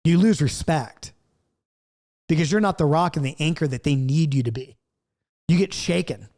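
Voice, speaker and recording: A middle-aged man leads a recorded Bible study lesson in an earnest, coaching manner, driving his points home through repetition. His voice sits noticeably high for a man. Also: normal speed, darkish tone.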